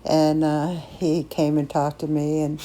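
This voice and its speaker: A woman's voice: sits low, completely flat delivery, a little slow, warm tone, a little hiss or hum. An older woman casually telling a personal story, emotive and chatty with frequent restarts.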